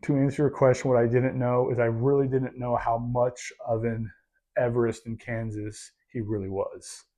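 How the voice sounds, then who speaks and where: A man's voice: medium pitch, little pitch movement, moderate pace, dark tone. A man co-hosting a podcast in casual chat, rambling and self-deprecating with lots of fillers. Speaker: podcast co-host.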